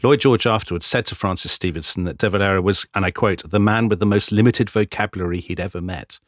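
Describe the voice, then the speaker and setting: A man's voice: lowish voice, fast talker, dry recording. A man co-hosting a history podcast with dry, wry humour. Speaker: podcast co-host.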